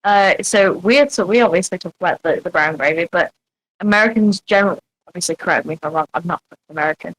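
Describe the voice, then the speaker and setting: A woman's voice: lowish voice, fast talker, a bit bright, rough recording. A woman, chatting and teasing emphatically as a podcast co-host. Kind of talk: casual chat.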